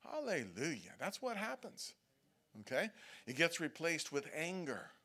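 A man's voice: on the high side, huge pitch swings, measured pace, pushed and bright. Man preaching a conversational sermon. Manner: conversational preaching, frequent "okay?" checks, acted-out prayers and whining. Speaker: pastor. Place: church sanctuary.

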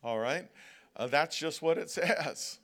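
A man preaching in a slightly high voice, speaking to his congregation in an easy, conversational tone. He pauses again and again for a quick "okay?" and draws out the verses he quotes so they land. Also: fairly bright tone. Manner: conversational preaching, frequent "okay?" check-ins, slows to stress quoted verses. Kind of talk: sermon. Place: church service.

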